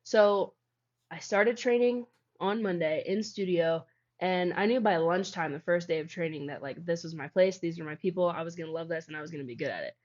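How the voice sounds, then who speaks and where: A woman's voice: on the low side, fairly quick, a little mellow. Rambling young woman telling her story. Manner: rambling, heavy use of "like". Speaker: guest, founder of a healing practice. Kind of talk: casual storytelling interview. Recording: dull lo-fi audio.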